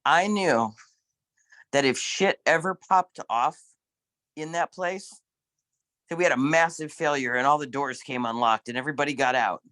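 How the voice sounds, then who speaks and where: Emphatic, animated man with a higher voice. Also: moderate pace, long pauses, dry recording. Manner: emphatic, animated, laughs often. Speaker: former corrections nurse, guest. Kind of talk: casual storytelling in a discussion.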